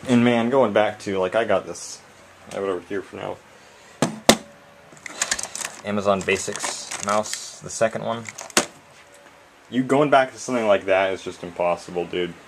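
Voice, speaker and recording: A man's voice: sits low, creaky, background noise. A man ranting casually to his viewers, exasperated and swearing often, calling them guys and man. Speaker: vlogger.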